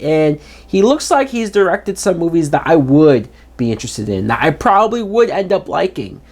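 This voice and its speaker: Man ranting in a casual movie review. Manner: exasperated ranting, emphatic pitch jumps; chatty and informal, fillers like "like". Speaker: film reviewer, channel host.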